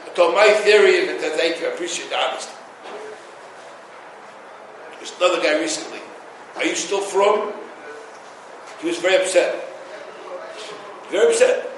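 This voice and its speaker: Male rabbi, high and emphatic, distant mic in a booming room. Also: normal speed, long pauses, a little hiss or hum. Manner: emphatic, animated storytelling with Hebrew and Yiddish terms. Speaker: rabbi giving a Torah class. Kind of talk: Torah lecture with stories. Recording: echoey room, voice from far off.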